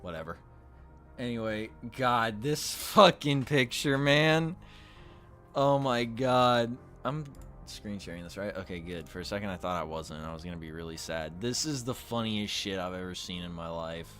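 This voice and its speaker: A man's voice: on the low side, moderate pace, a bit bright, faint music behind. A man giving casual, crude and sardonic commentary while playing a game at a desk mic. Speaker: gaming channel host. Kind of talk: casual let's-play commentary.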